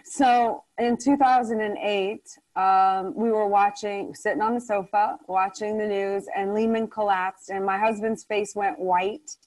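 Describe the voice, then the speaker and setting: Animated woman telling a personal story. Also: mid-range voice, unhurried, few pauses, low-quality recording. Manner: animated storyteller acting out quotes. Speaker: guest. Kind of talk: storytelling interview.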